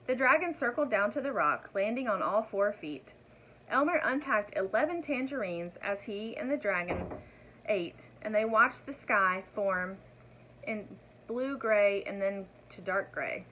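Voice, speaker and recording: Woman reading a kids picture book out loud, expressive, bright and bouncy. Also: medium pitch, a little slow, muffled recording, slight background noise. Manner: expressive, asides to young listeners. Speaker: storyteller.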